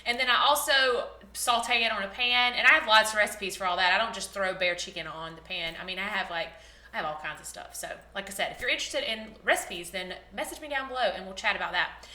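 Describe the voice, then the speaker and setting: A woman's voice: medium pitch, quick pace, bright, forceful tone, echoey room. A woman, chatting casually in a rambling, bubbly vlog style. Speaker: vlogger, former teacher.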